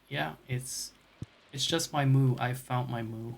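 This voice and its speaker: A man's voice: medium pitch, steady tone, takes it slowly, gravelly, slight background noise. A man chats away on a live game stream, cracking jokes at his own expense and swearing freely. His talk is loose and unscripted, and he comments on the game as it happens. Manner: profane, joking, self-mocking. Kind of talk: casual live gaming commentary.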